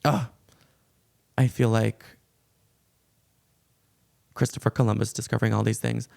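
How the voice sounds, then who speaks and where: A man excitedly breaking down celebrity gossip in a vlog, gushing and reading song lyrics aloud. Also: lowish voice, a little slow, gravelly. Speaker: pop culture commentator.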